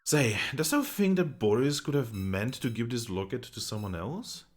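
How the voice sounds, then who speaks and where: A man's voice: medium pitch, lively intonation, moderate pace, natural voice. Proud lady mayor of a fantasy town, read by a man, formal old-fashioned lines in a plain mid voice. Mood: haughty. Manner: archaic formal speech, read aloud. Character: haughty woman mayor, proud and vain.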